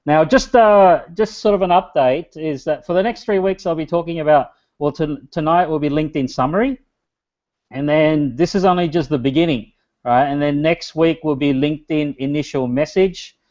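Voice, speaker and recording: A man in his thirties presents a webinar in a loose, chatty way, his voice sitting a little high for a man. The sound is dull and lo-fi, like audio through a computer mic on an online call. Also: normal speed, darkish tone. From Australia. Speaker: guest speaker, business strategist.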